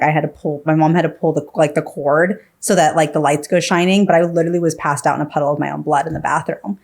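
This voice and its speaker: Chatty woman telling a story, lower voice. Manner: filler-heavy, acts out quoted dialogue. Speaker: podcast guest. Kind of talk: casual storytelling.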